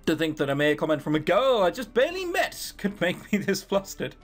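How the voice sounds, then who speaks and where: A man's voice: high voice, huge pitch swings, fairly quick, soft background music, full character voice. A man reading a melodramatic teenage boy. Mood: earnest. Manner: melodramatic, self-conscious. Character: self-serious teenage boy narrator. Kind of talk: reading a visual novel aloud.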